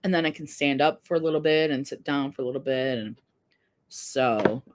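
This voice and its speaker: A woman's voice: rumbling low, moderate pace, noisy background. A woman in her fifties hosting a casual live stream, talking candidly and earnestly while reading viewer comments. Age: 50s. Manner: candid, earnest, self-deprecating.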